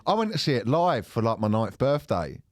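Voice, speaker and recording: A man's voice: mid-range voice, very animated, fairly quick, dry recording. A man co-hosting a podcast, joking and laughing often in casual chat. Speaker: podcast co-host.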